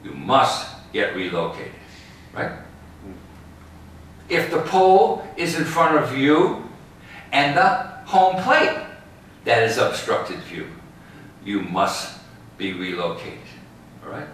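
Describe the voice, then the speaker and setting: A man with a bright voice leads a tour through a big ballpark, spinning stories and checking in with "okay?" after his points. He was recorded from a distance, so his voice rings with heavy echo over faint background noise. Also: medium pitch, very animated, slow pace, pauses often. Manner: storytelling, tags lines with "all right?" and "okay?". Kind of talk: guided tour talk. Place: outdoors in a large ballpark.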